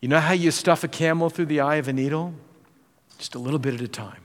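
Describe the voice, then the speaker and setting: Male pastor, slightly high voice, dramatic sermon delivery with acted-out quotes, recorded in a reverberant sanctuary. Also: fast. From United States. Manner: dramatic, acts out quoted voices, swings between loud and hushed.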